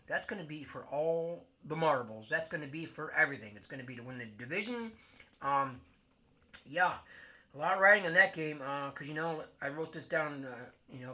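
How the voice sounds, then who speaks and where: A man with a slightly high, pushed, bright voice hosts a sports podcast about football, delivering a casual, blunt rant packed with fillers and swearing.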